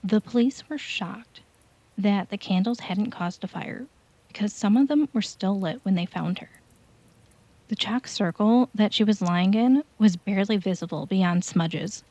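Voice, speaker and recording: A woman calmly narrating an original first-person horror story. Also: medium pitch, measured pace, dry recording. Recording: dull lo-fi home recording.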